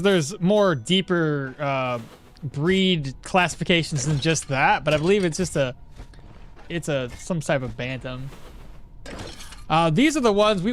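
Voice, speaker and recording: A man streaming a game, chatting casually and excitably, swearing now and then. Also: fairly high pitch. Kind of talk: casual gameplay commentary.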